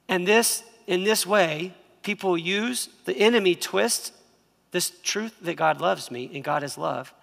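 A pastor delivers an emphatic sermon in a bright, sharp voice. His delivery is gravelly with fry and he asks the crowd to repeat after him. The sound rings in a reverberant church hall. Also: sits high, unhurried.

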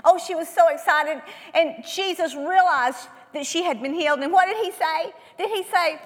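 High-voiced woman preaching in a reverberant hall. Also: animated, measured pace. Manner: asks rhetorical questions, shifts between loud emphasis and hushed tones. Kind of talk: sermon.

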